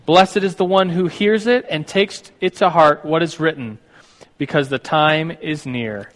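A man preaching a sermon as pastor, moving from a quiet opening prayer into animated storytelling. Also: on the high side, unhurried. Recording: long hall reverb.

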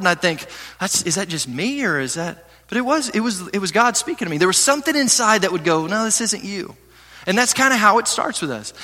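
A man preaching a sermon as pastor, reading scripture slowly and asking his listeners questions. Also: high-pitched. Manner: animated preaching, reads scripture slowly, asks the audience questions.

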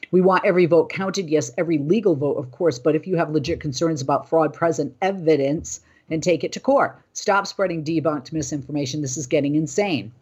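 Breathy, animated woman hosting a news podcast. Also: low voice, brisk, few pauses, highs cut off. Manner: animated, indignant, talking off script. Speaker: host.

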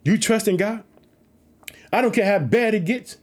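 A man preaching with excitement, reading a Bible story aloud and repeatedly urging listeners to trust God. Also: high voice, normal speed.

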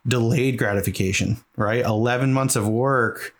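Speaking in a mid-range voice at an ordinary pace, a middle-aged New England man recounts a long personal story as an interview guest. He's a charity marathon runner, and his telling is sincere, rambling, and full of filler words.

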